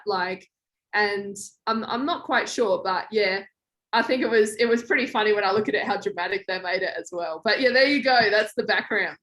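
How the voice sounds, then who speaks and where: A young woman guest in a podcast interview, telling a story in a lively way and acting out quoted lines. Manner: animated, acts out quoted lines with big pitch jumps. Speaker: guest, former reality show contestant.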